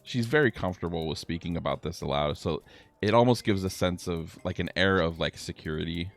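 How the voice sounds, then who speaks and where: A man's voice: low voice, a little fast, gravelly, soft background music. A man narrating a tabletop game as dungeon master, casual and often restarting his sentences. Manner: casual, laughing, with many restarts.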